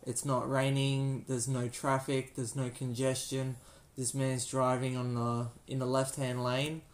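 A man's voice: mid-range voice, little pitch movement, a little slow. An Australian man hosting his own show, telling a story in a casual, rambling, jokey way with many restarts. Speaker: podcast host.

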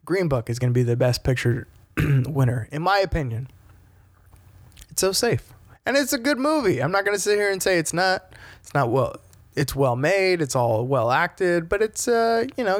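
A young man delivers a solo podcast rant in a fairly high voice, blunt and full of profanity. The sound is dry and close, with no room around it. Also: no echo. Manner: blunt, profane, animated ranting. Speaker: podcast host.

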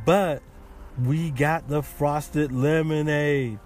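Slow-talking chatty man hosting a podcast. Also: medium pitch, lively intonation, slight background noise. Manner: rambling, chatty, with fillers and restarts. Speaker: podcast host. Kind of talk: casual chat.

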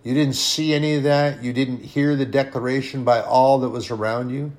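A man's voice: mid-range voice, steady tone, normal speed, a little mellow, lightly acted. A man voicing God as a majestic, exasperated male figure who keeps asking incredulous questions.

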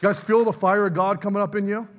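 A man's voice: high voice, little pitch movement, fast talker, long reverb tail, some chatter behind. A middle-aged male pastor preaching a fervent sermon, calling out to the congregation for amens.

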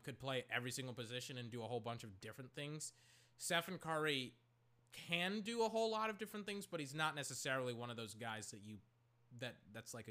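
A man from Oakland, California, casually calling a basketball game he is watching, rambling with lots of "like" and breaking into excited shouts. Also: medium pitch. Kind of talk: casual play-by-play while watching.

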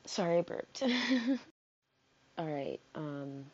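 A woman's voice: lowish voice, big pitch swings, very slow, muffled recording. A woman hosting her own solo podcast, talking casually in a rambling way with lots of fillers and free swearing. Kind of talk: casual unscripted podcast monologue.

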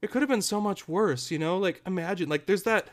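A man's voice: high voice, brisk, voice pushed up, natural voice. A man doing an earnest well-meaning young guy. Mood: reassuring. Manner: eager, rambling reassurance.

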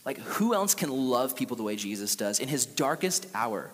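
A young man preaching a casual, animated youth sermon and acting out the quotes he tells. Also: mid-range voice, normal speed, slightly rough, long reverb tail. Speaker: youth pastor.

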